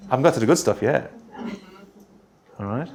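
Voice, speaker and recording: A man presenting a grant writing workshop, punchy and energetic, checking in with the room with quick rhetorical questions. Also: medium pitch, gravelly, slight background noise. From Australia.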